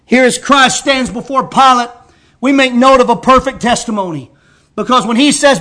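High-voiced man preaching a sermon. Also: a bit bright. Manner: slow emphatic scripture reading. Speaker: pastor.

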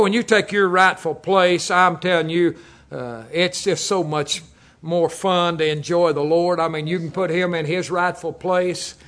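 Older preacher, man, high voice, folksy storyteller who chuckles through his sermon. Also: fairly bright tone. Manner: jokey, storytelling, chuckles often.

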